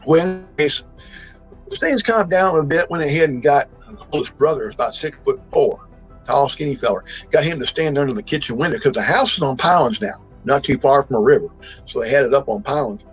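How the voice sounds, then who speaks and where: Husky and mid-range, this man in his 60s speaks at a moderate, expressive pace, with faint music behind him and poor audio quality. He tells of a true encounter he witnessed, casually and folksily, rambling with restarts and sudden emphatic outbursts.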